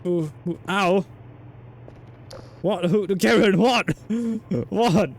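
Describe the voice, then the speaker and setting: A man's voice: high-pitched, extremely slow, slight background noise. A man streaming a game in casual commentary, chatty, swearing and joking while talking to his chat.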